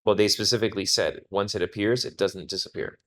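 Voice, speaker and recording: A man's voice: on the low side, a little fast, a bit bright. A man working as an SAT tutor, talking through test questions step by step in a test prep walkthrough. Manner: explanatory, talks through reasoning step by step.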